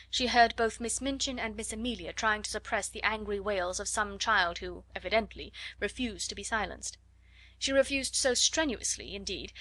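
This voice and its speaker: A woman's voice: mid-range voice, no room sound. Woman narrating a classic audiobook. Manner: measured, expressive storytelling. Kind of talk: scripted narration.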